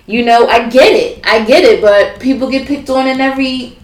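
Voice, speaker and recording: Blunt high-voiced woman. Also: moderate pace. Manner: blunt and outspoken. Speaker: podcast co-host. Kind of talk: casual chat. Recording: roomy echo.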